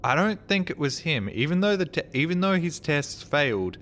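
A man's voice: on the high side, sing-song, normal speed, a bit bright, a little hiss or hum. A man streaming a game, talking casually and at length in a rambling, puzzled way, swearing freely as he plays. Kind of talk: casual live gameplay commentary.

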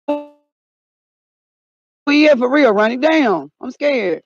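A man with a very high, gravelly voice, vlogging in a loud, theatrical comic style. His voice breaks into yelps and shouts, and the audio is dull and lo-fi. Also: a little slow, long pauses, no room sound. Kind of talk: comedic outdoor vlog.

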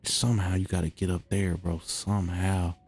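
Young gaming host: low, dark voice, jumpy, slangy let's-play chatter. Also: male voice, moderate pace, husky. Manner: excitable, slangy, talks to himself; drops to a hush when the game gets quiet.

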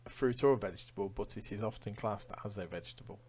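Quizmaster repeating each question. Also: male voice, fairly low pitch, darkish tone, slightly rough. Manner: reads each question slowly, then repeats it. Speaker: pub quiz host. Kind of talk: live-streamed quiz hosting with chatty asides. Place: at home. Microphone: webcam or phone facing himself.

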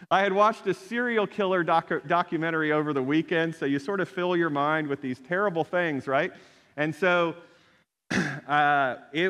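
A middle-aged man preaching a sermon, telling a personal story in an animated way and acting out the people he quotes. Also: on the high side. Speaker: pastor. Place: church sanctuary. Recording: long hall reverb.

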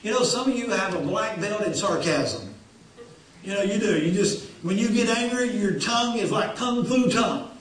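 High-voiced pastor in an echoey church. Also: male voice, lively intonation, moderate pace. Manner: folksy, repeats phrases for emphasis. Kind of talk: sermon. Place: church sanctuary. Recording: very echoey church hall, distant.

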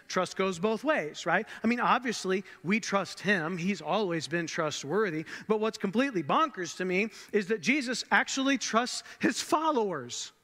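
A man preaching a sermon as pastor, pausing for effect and dropping soft and low on key words, with casual asides to the listeners. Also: in a large hall. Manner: dramatic pauses, drops to soft lows on key words; conversational asides. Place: large church hall.

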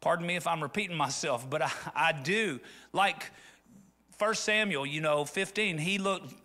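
A man's voice: a little high, moderate pace, bright, forceful tone. A middle-aged man from rural Arkansas, preaching a conversational sermon that rises into fervent appeals. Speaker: pastor.

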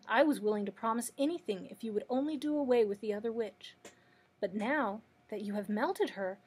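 A woman's voice: a little high, breathy edge. A woman reading aloud as an old man who is a false wizard, confessing meekly. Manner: confessing, gentle storytelling delivery. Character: old male humbug wizard, meek and apologetic.

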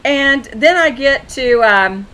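A woman's voice: high voice, lively intonation, takes it slowly, pushed and bright, rough recording. A woman telling faith stories in a chatty monologue, acting out conversations and restarting her sentences often. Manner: chatty storytelling with frequent restarts and quoted dialogue. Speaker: Christian video blogger. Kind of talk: casual testimony monologue.

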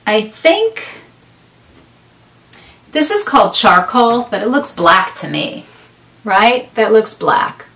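A woman's voice: on the high side, big pitch swings, takes it slowly, vocal fry, pauses often, fairly bright tone, recorded from a distance. A middle-aged woman hosting a knitting podcast, chatting casually and rambling with self-deprecating asides. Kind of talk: casual chat to camera. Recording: roomy sound, a bit off mic.

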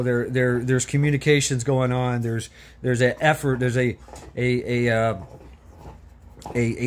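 A man from the United States ranting off the cuff as a vlogger, blunt and profane, with many stammered restarts. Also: medium pitch. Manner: rambling, full of restarts and stammered repeats. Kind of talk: off-the-cuff political rant.

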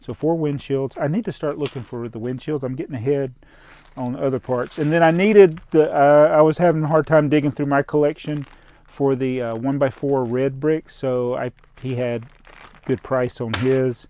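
A man's voice: medium pitch, steady tone, normal speed, a little mellow. A man chatting casually as he unboxes toy parts, rambling and chuckling while he thinks aloud. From American South. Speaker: toy collector vlogger.

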